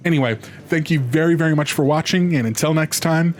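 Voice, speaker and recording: A man's voice: fairly high pitch, fairly quick. A man hosting a live game stream, chatting casually and rambling with many restarts. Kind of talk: casual let's play commentary.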